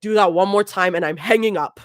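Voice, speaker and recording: A woman's voice: on the low side, animated, moderate pace, no room sound, studio quality, natural voice. A woman reading a fan story aloud, voicing an exasperated, snarky young woman.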